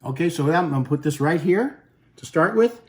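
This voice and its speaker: A man's voice: fairly high pitch, animated, moderate pace, a little mellow. Chatty man hosting a cooking demo. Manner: chatty, talks to the viewer, drops in Italian food words. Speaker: cooking show host. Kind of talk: casual cooking demonstration.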